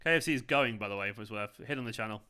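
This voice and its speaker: Mancunian male stream host, bright clear tone, loose and chatty with his viewers. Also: fairly low pitch, rapid-fire. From England. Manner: chatty, rambling, reads out chat comments. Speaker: fan channel host. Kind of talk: casual live watchalong chat. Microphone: earphones with mic.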